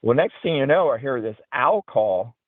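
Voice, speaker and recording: An animated man with a medium-pitched voice tells a rambling story at a normal pace, leaning heavily on "you know." He's being interviewed as an outdoorsman and paranormal investigator, and the dry recording has a tinny, telephone-like quality.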